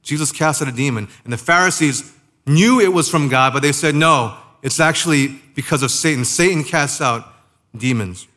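With a slightly high, sharp-toned voice, a pastor preaches conversationally. He poses rhetorical questions to his listeners and slows down to stress key phrases.

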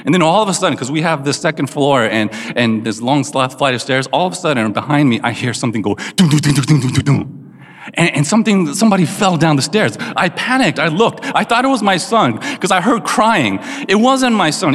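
A man in his forties tells funny stories about his family to an audience in a lively, self-mocking way. His voice sits a little high for a man. The sound carries the long reverb of a large hall. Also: brisk, few pauses. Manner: animated, self-mocking, breaks into laughter. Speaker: speaker telling family stories. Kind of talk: humorous personal storytelling to an audience.

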